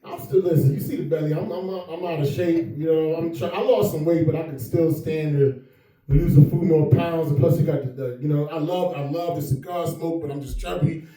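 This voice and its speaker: At a private party in a mansion home, a man does stand-up comedy, chatting and laughing with the crowd as he goes. His fairly high, warm voice is brisk with fairly even intonation, recorded far from the mic in an echoey room.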